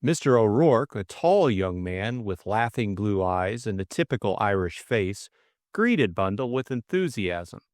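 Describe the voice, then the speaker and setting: Man narrating an audiobook, expressive, lively pitch, lowish voice, dry sound. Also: a little slow, dry recording.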